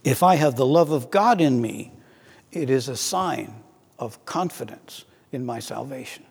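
A man's voice: mid-range voice, animated, gravelly, a little mellow, breathy edge. Preacher man in a reverberant hall. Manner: earnest, slows down to read scripture aloud. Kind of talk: sermon.

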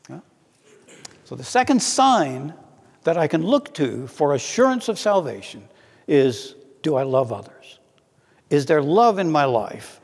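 A man preaching a sermon in an earnest way, slowing down to read scripture aloud. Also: a little high, big pitch swings, vocal fry, a little mellow, breathy edge, long reverb tail.

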